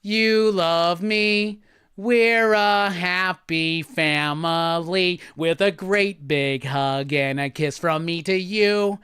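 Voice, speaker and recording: A man putting on the voice of a cheerful, friendly purple male dinosaur, crooning slowly with a nasal tone. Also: sits high, a bit bright, clear, resonant tone, no echo, studio quality, voice pushed down, heavily acted. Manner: slow sing-song crooning.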